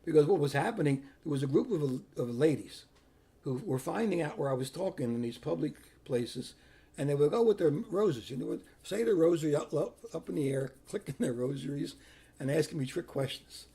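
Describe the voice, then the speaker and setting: An older man, a priest telling personal stories in an animated way, acting out what people said. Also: fairly high pitch, a little fast, husky. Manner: animated, repeats himself, acts out quotes. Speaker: Catholic priest. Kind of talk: personal storytelling.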